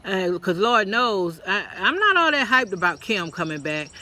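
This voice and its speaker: Sassy high-voiced man. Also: normal speed, a little hiss or hum. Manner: sassy, animated, acts out quotes in a mocking voice. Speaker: reality TV commentator. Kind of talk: casual opinion vlog.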